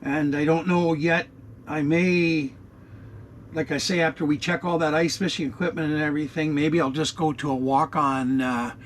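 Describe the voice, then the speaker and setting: A man's voice: fairly high pitch, level tone, moderate pace, slight background noise. A man in his sixties, rambling bluntly and profanely through an unscripted vlog in his RV, with lots of fillers, recorded on an action camera. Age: 60s. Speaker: vlogger. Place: inside his RV.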